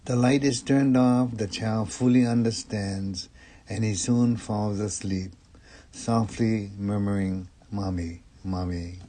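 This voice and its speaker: A man giving a Dharma talk as a Buddhist minister, measured and calm. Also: on the low side. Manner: slow, measured and calm delivery.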